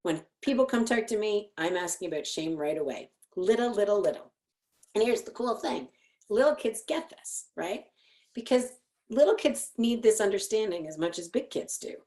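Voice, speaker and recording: A middle-aged woman psychologist giving an educational talk, telling lively stories and acting out what people say. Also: mid-range voice, moderate pace. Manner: animated storytelling, acting out quotes. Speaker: clinical psychologist presenting.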